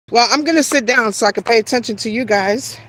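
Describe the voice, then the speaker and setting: A woman's voice: a little high, a bit bright. Woman host, casual and chatty, talking to live viewers outdoors on a phone mic, faint noise behind. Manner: chatty, greets viewers by name, self-deprecating. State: out of breath while walking. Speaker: garden channel host. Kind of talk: casual live-stream garden tour. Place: outdoor backyard garden.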